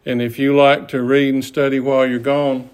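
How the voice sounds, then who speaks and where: A man teaching a Bible study class, speaking deliberately with pauses and fillers. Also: mid-range voice, little pitch movement, darkish tone, clean tone.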